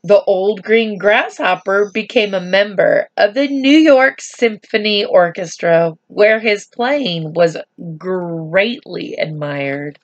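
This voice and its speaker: Reading a storybook to kids, a woman speaks slowly and softly, breaking off for friendly little asides. Her voice is medium in pitch, and the recording's highs are cut off.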